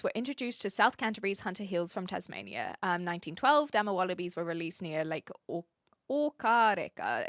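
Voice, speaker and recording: A young woman with a New Zealand accent, chatting with her stream and reading out comments, giggly and trailing off into quiet asides. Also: medium pitch, no room sound, studio quality. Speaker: livestreamer.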